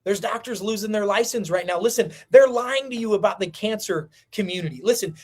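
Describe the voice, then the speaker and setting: A man's voice: high-pitched, fairly quick, darkish tone. A man hosting a livestream, giving a fiery, preachy monologue that hammers points home by repeating them. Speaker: livestream host.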